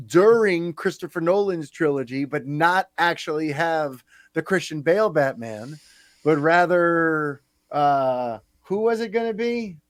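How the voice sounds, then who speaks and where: A man hosting a casual podcast chat, talking in a chatty, animated way with quick asides. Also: on the high side, dry recording, studio quality. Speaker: podcast host.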